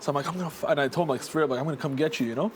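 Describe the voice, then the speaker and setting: A man's voice: on the high side, rapid-fire, a little hiss or hum. A young man telling a rambling story in casual chat, full of fillers and restarts. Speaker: houseguest.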